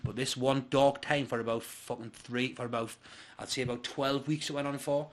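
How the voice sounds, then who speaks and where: A man's voice: medium pitch, fairly even intonation, a little hiss or hum. A man as a podcast guest, telling stories in casual chat with lots of swearing. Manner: rapid, swearing, storytelling.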